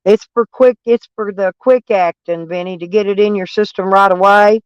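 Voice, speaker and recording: A man's voice: high voice, steady tone, normal speed, clear, resonant tone, no echo, highs cut off. A man with a stuffy nose chatting casually with viewers from his van, rambling and plainspoken. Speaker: van life vlogger. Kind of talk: casual live chat with viewers. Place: in a van, door open.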